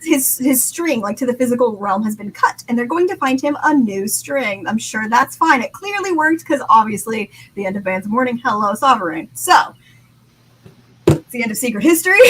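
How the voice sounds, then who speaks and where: An excitable woman co-hosting a casual book chat, her voice sitting a little high. She laughs often and reads passages aloud with feeling. A faint hum of noise sits behind her. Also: moderate pace, rough recording. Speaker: podcast co-host.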